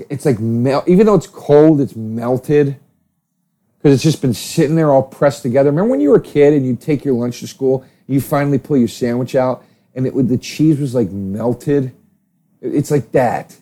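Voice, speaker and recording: Profane ranting man with a mellow voice. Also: mid-range voice. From South Jersey. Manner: profane, ranting, with swings between loud outbursts and muttering. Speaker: podcast host. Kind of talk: casual comedic monologue.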